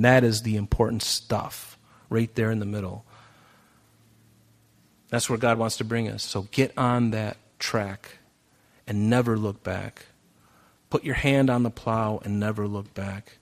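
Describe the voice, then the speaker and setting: A man preaching a sermon in a conversational way. He swings from emphatic, raised passages to soft, quiet asides. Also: on the low side, fairly even intonation, a little slow. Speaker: pastor.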